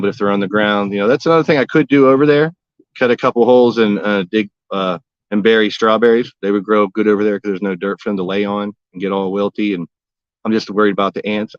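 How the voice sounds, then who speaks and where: A man with a lowish, clear, resonant voice hosts a casual gardening livestream from his backyard. He's a folksy rambler who jokes with old sayings. The recording is dry, with the highs cut off.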